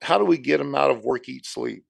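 A man's voice: mid-range voice, a little fast, vocal fry, slightly rough, dry recording. A man co-hosting a podcast, talking in a rambling, conversational way and saying "dude" often. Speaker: podcast co-host. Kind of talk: casual chat.

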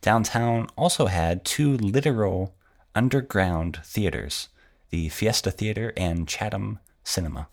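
A man's voice: fairly low pitch, unhurried, vocal fry. A man co-hosting a podcast, explaining local film history in a conversational, scripted way. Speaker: podcast co-host. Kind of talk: scripted co-hosted narration.

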